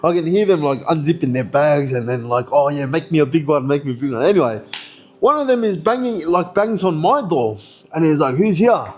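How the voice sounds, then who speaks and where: Young Australian man, slightly high voice, loose slangy yarn-teller who laughs through his story. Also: brisk. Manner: laughs often, slangy, swings high when excited. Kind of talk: casual storytelling.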